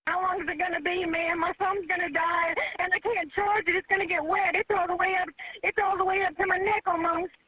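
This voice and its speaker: A woman's voice: very high voice, little pitch movement, fairly quick. A panicked woman calling an emergency line, crying and pleading, repeating herself and calling the operator ma'am. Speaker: 911 caller. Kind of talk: emergency phone call. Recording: tinny phone line recording.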